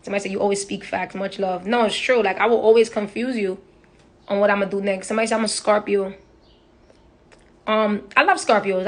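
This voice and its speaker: A young woman chatting bluntly and with profanity on a phone livestream. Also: mid-range voice. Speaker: social media personality. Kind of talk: casual livestream chat. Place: indoors, on a live stream.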